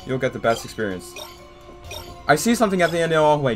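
A young man narrating a horror game run for his channel, lively and easily startled, his pitch leaping up and down as he reacts. Faint game music plays under his voice. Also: fast, pauses often. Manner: jumpy, excitable, talks to viewers. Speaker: gaming YouTuber. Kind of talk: casual let's-play commentary.

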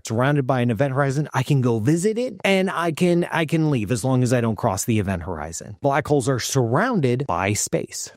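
A man, a cosmologist, hosting an off-the-cuff explainer video in an animated, emphatic, conversational way. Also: medium pitch, no room sound, studio quality. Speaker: cosmologist host.

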